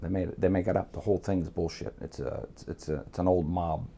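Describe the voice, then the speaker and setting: A man's voice: low-pitched, level tone, quick pace, vocal fry, warm tone, a little hiss or hum. A middle-aged man from Miami, telling a blunt, profane story as a guest. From Miami, United States. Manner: blunt, swears freely, acts out quotes.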